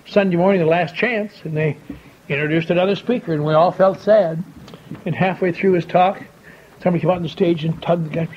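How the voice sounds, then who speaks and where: A man's voice: high-pitched, steady tone, brisk. An older man telling a wry, folksy story to a convention audience, acting out the dialogue he quotes. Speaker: speaker at a recovery convention. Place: large convention hall. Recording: dull lo-fi tape with faint hiss.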